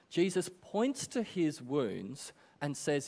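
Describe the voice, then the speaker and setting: A man preaching a sermon in an earnest, emphatic way, with dramatic pauses. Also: a little high, very animated, dark tone.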